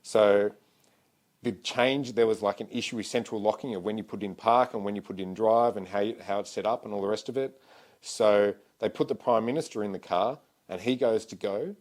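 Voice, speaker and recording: A man co-hosting a podcast, recounting a security job in a brisk, emphatic conversational way. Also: fairly low pitch, a little mellow. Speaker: podcast co-host. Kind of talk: casual conversation.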